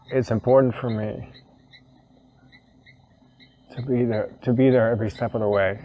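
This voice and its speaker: A young man telling an emotional personal story, halting and repeating words as he chokes up with tears. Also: mid-range voice, steady tone, mellow, poor audio. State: tearful. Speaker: vlogger.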